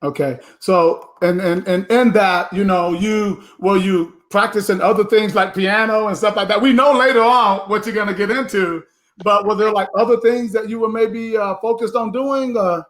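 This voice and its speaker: High-voiced man hosting, curious and halting. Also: fairly even intonation, a bit bright. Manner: inquisitive, halting with restarts. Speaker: host. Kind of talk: talk show interview.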